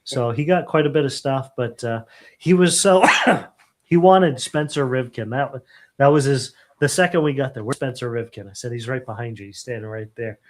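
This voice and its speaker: A man's voice: medium pitch, normal speed. Chatty man telling race stories. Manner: animated storyteller, acts out quotes. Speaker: host. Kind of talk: casual live stream chat.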